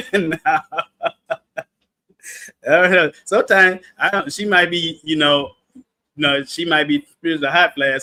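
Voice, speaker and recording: A man leading a livestreamed Bible study in a playful, animated way, breaking into sudden shouts for emphasis and calling on listeners. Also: fairly high pitch.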